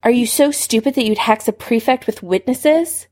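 A woman's voice: a little high, moderate pace, darkish tone, pitched above the performer's own voice, close to an everyday voice. A woman voicing a bitter teenage wizard who speaks with clipped resentment, in a story reading. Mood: resentful.

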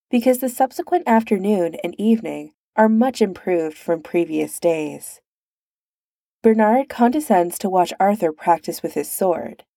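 Gravelly, low-voiced woman narrating. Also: warm tone, dry recording, studio quality. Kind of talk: audiobook fiction reading.

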